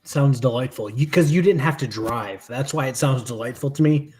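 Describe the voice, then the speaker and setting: A man's voice: medium pitch, normal speed, darkish tone, a little hiss or hum. A man from Michigan whose accent slips toward Southern, chatting casually on a live stream after a few drinks and often trailing off. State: has been drinking. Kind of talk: casual chat.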